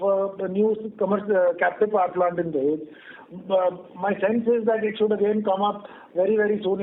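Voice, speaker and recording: Executive, male, high voice, measured and frank with lots of "uh", over a narrow phone line. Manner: measured, frank, many fillers. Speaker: company executive answering analysts. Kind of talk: earnings call answers.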